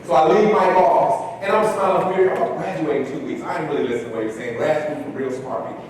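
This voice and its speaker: Man speaker, lively delivery, recorded from afar in a big reverberant hall. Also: a little high, fast talker, slight background noise. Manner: animated storyteller acting out dialogue. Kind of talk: storytelling keynote talk. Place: large hall. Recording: echoey hall recording from far off.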